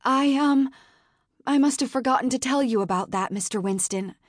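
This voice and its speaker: A woman's voice: on the high side, moderate pace, no room sound, clean studio sound, voice pushed up, natural voice. A woman voicing a nervous young female assistant in her twenties who speaks hesitantly, as in a read-aloud novel. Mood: panicked.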